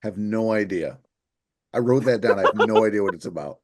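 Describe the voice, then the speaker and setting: A man's voice: fairly low pitch, brisk, very noisy. A man co-hosting a podcast in casual chat, wry and self-deprecating. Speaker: podcast co-host.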